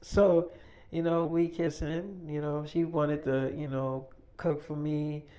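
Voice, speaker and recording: A man's voice: a little high, fairly even intonation, slow, warm tone. A man telling a story in a casual, rambling, crude way, full of fillers.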